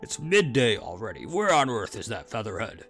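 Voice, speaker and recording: A man's voice: lowish voice, sing-song, normal speed, fairly bright tone, faint music behind. A man voicing a practical young male sparrow assistant in a dry, matter-of-fact way, close to his own voice.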